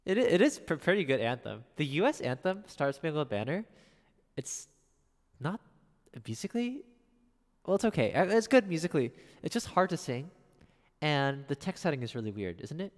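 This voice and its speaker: Soft-spoken streamer man, lively pitch. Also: moderate pace, in a large hall. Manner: chatty, wry, drifts soft and low between songs. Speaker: streamer playing piano requests. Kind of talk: casual chat to stream chat.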